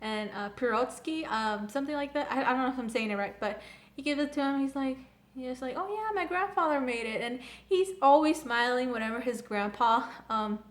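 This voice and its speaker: Gushing young woman with a high voice. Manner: gushing, filler-heavy, excitable. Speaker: anime reviewer. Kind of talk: casual chat.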